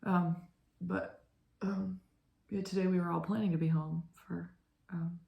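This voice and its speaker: A woman's voice: fairly low pitch, little pitch movement, a little slow, vocal fry, highs cut off. A woman in her twenties hosting a knitting vlog, chatting casually and rambling with lots of fillers and "like". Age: 20s. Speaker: knitting podcast host. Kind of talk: casual chat.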